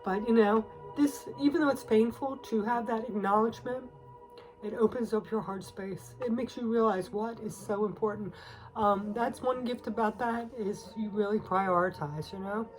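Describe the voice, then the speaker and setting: A woman's voice: on the high side, normal speed, soft background music, low-quality recording. A woman giving a casual tarot reading, emotional and close to tears, talking in a confiding way with many fillers. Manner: emotional, confiding, with frequent fillers and soft laughs. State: teary, on the verge of crying. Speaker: tarot reader.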